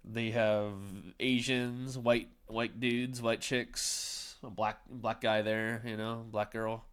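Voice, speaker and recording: A man co-hosting a casual reaction chat, excitable and slangy with plenty of fillers. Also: mid-range voice, takes it slowly, smooth. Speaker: co-host.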